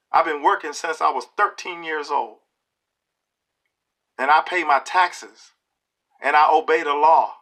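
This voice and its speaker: A middle-aged man giving an opinion monologue to camera, emphatic and preachy, often pausing to ask "okay?". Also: on the high side, bright, forceful tone. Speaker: video blogger.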